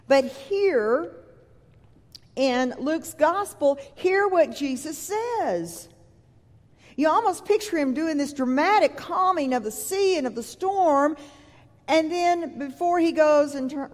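A woman's voice: high-pitched, darkish tone. A woman preacher giving a sermon in a church, reading scripture and then retelling it in a conversational, vivid way. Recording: long reverb from a large hall.

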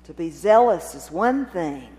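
Expressive woman preaching in a reverberant hall. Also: on the low side, unhurried. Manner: expressive, dramatic storytelling with rhetorical questions. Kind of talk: sermon retelling a Gospel scene. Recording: long reverb of a large hall.

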